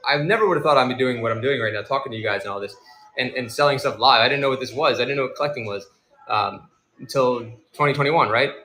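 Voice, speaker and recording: A man hosting a casual live stream as a seller, talking in a rambling, animated way and acting out the people in his stories. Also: mid-range voice, fast talker, roomy sound, a little hiss or hum. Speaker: livestream seller and host.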